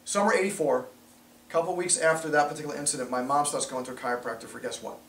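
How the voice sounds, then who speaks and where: A middle-aged man tells his story to a small group, chatty and animated, acting out the dialogue as he goes. His voice sits a little high for a man. He is heard from across an echoing room, with a faint hum behind him. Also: quick pace. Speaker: chiropractor giving a new patient talk. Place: small office talk room. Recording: echoey room, from a distance.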